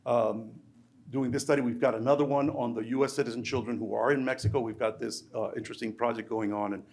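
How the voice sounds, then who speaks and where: Halting male researcher giving a lecture. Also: medium pitch, fairly even intonation, darkish tone. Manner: halting, with frequent restarts and repeated words. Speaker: academic researcher giving a talk.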